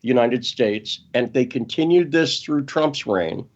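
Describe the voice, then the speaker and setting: Emphatic man talking fast on a dull line. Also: mid-range voice, lively intonation, darkish tone. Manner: emphatic, quick, often restarts and corrects himself. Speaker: interview guest. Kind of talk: casual interview talk.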